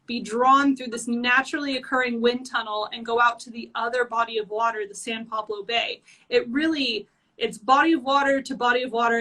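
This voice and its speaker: A woman's voice: fairly high pitch, pushed and bright. A woman winegrower joining a live online tasting over a video call, explaining her region in a friendly way. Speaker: winegrower, guest. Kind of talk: casual live-stream chat.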